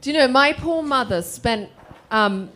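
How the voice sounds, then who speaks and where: A woman's voice: high voice, expressive, a little slow, pushed and bright. Witty self-deprecating woman from Zimbabwe. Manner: humorous, self-deprecating storyteller. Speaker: author guest. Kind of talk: casual conversation with an audience.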